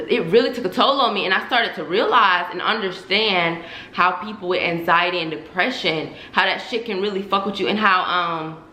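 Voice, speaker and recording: Young woman YouTuber, frank profane chat to camera, bright tone, roomy echo. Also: mid-range voice. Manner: candid, profane, addresses viewers as y'all. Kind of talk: casual vlog confession to viewers. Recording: echoey room.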